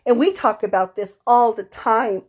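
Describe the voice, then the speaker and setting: A woman's voice: fairly high pitch, normal speed. A woman therapist co-hosting a podcast conversation, telling stories from her sessions and acting out the quoted dialogue. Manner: storytelling, acts out quoted dialogue. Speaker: therapist co-host.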